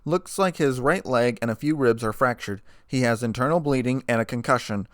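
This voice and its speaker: A man reading aloud, voicing a matter-of-fact unicorn stallion doctor with a calm, clinical delivery. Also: mid-range voice, a little fast, dry recording, clean studio sound, close to an everyday voice.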